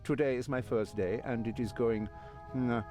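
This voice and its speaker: A man's voice: mid-range voice, steady tone, normal speed, a little mellow, soft background music, close to an everyday voice. An actor playing a stressed, curt male ship's doctor in a video game, flustered and brushing people off. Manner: curt and flustered, calls her young lady.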